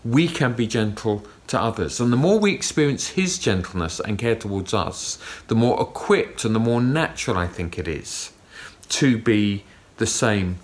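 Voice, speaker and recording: A man preaching a sermon, telling a story calmly with gentle emphasis. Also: lowish voice, moderate pace.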